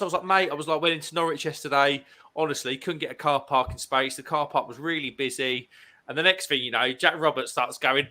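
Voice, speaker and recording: A man's voice: on the high side, normal speed, bright, forceful tone. A man hosting a casual livestream with friends over a video call, joking and reading out chat comments. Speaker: livestream host. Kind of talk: casual banter.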